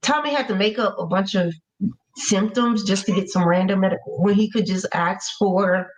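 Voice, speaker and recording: A woman's voice: medium pitch, normal speed. A woman co-hosting a casual TV review chat, wry and skeptical, with playful slang. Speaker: co-host of a TV review show. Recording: dull muffled lo-fi audio.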